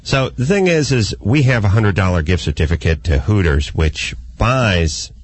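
A man hosting a comedic talk radio show, rambling and animated in his banter. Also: fairly low pitch, moderate pace, breathy edge, no room sound. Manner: rambling, animated, slips into mock voices.

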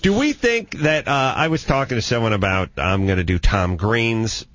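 A man's voice: medium pitch, lively intonation, moderate pace, fairly bright tone. Wry-joking male talk host. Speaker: radio show host. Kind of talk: casual talk show banter.

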